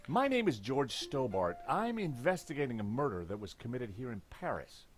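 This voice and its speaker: A man's voice: mid-range voice, very animated, normal speed, faint music behind, natural voice. A man playing a wry male investigator. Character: quick-witted male investigator, adult. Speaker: game protagonist investigator. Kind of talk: video game voice acting.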